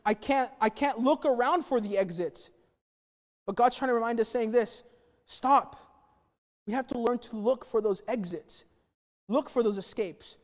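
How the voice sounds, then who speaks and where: A man with a high voice delivers a sermon, chatty and conversational, with light humorous asides. His voice rings out with the long reverb of a large hall. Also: darkish tone. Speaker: preacher.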